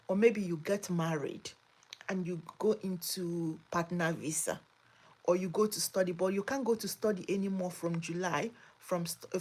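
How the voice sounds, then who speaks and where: Husky-voiced woman hosting a live chat. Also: mid-range voice, darkish tone. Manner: emphatic, repeats herself, exclamatory. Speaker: migration advice channel host. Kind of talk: live chat answering viewer comments. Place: home in Australia.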